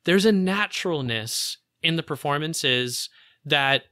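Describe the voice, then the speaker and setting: A man's voice: fairly high pitch, lively intonation, slow pace, sharp tone, clear, resonant tone, dry recording, clean studio sound. A man co-hosting a podcast, talking about a film in a casual, enthusiastic way with many "like" fillers. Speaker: podcast co-host.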